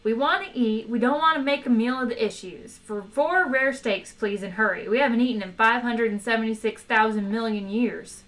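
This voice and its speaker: A woman voicing a brash, greedy male adventurer with a loud, pushy delivery. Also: on the high side, normal speed, hardly any pauses, lightly acted, poor audio.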